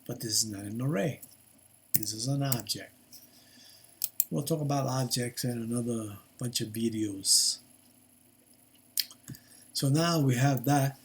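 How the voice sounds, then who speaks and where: A man's voice: medium pitch, unhurried, long pauses, slightly rough. An older man giving a casual programming lesson while he works at his computer, thinking aloud with lots of fillers and restarts. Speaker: programming tutor. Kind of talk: casual screen-recorded coding lesson.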